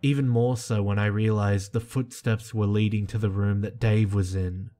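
A man reading a creepy first-person horror story in a slow, hushed and tense way. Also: fairly low pitch, steady tone. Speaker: narrator. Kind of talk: scripted horror narration. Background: soft music.

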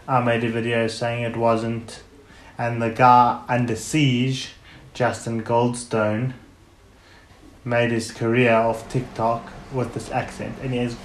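A man hosting a podcast alone, rambling in a blunt, casual way and swearing freely. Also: medium pitch. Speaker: podcast host. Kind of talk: casual solo podcast chat. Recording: echoey room.

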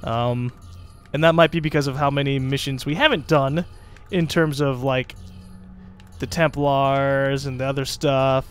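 A man's voice: medium pitch, steady tone, measured pace, clear, resonant tone. A man giving casual commentary as he plays a video game, rambling, joking and swearing often. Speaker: let's play host.

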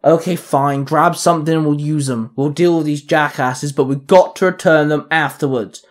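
A man voicing a young male gang leader who barks orders and yells. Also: a little high, steady tone, moderate pace, close to an everyday voice. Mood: commanding. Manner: barking orders, yelling.

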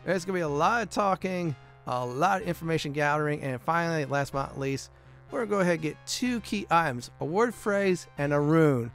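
A man's voice: on the high side, lively intonation, brisk, fairly bright tone, faint music behind. A man hosting a let's play, chatting casually with fillers while exploring a game. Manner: casual, rambling, many fillers. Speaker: gaming channel host.

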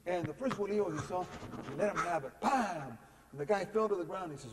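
Casting note: man with a high voice, storytelling speaker at a lectern, long hall reverb. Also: lively intonation, a little fast, background noise. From California. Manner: storytelling, asks the crowd rhetorical questions. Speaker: guest speaker. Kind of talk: public lecture. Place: university lecture hall. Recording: long echo in a lecture hall.

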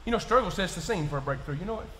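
A man with a Kentucky accent preaching in church, folksy and plain-spoken, dropping to quiet asides and rising to shouts. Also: high-pitched, expressive, racing, slight background noise. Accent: Southern US, Kentucky. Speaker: pastor. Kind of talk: sermon. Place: church sanctuary. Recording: echoey church room.

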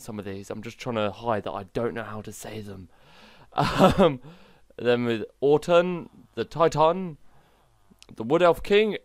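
A man hosting a gaming channel, chatting excitably and poking fun at himself while showcasing a game mod. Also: medium pitch, no room sound, studio quality. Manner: excitable, chatty, self-mocking.

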